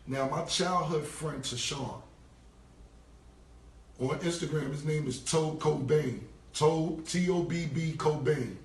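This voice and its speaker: Gravelly man telling a loose street story. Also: fairly high pitch, slow pace. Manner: loose, profane street talk, acting out quoted lines. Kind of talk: casual storytelling monologue. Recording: echoey room, voice far from mic, faint ambient hiss.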